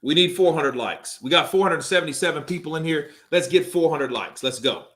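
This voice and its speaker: A young man hosting a live stream, giving hyped, animated watch-along commentary and laughing often. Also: fairly high pitch, fairly quick.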